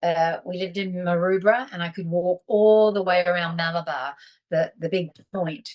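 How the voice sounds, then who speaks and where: A woman's voice: on the low side, moderate pace, a little mellow. Candid woman on a video call. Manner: candid, emotional storytelling with restarts. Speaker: guest. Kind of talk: casual video-call interview.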